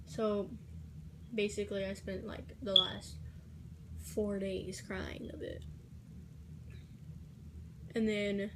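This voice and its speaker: A teenage girl tells a personal story straight to the camera, halting and restarting, sometimes sinking into a soft whisper. Her voice stays level and carries a gravelly fry. Clear background noise sits under the recording. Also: medium pitch. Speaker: vlogger.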